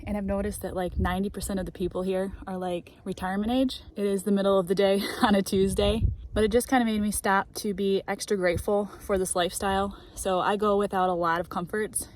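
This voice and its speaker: A woman's voice: mid-range voice, flat delivery, a little fast, darkish tone, poor audio. Chatty woman vlogging a road trip. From United States. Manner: chatty, laughs often, enthusiastic. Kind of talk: casual travel vlog. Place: in her car and outdoors at a scenic overlook.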